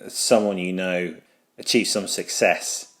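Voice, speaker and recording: A man's voice: low voice, steady tone, measured pace. A man co-hosting a podcast in casual chat, with dry, wry humor. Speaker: podcast co-host.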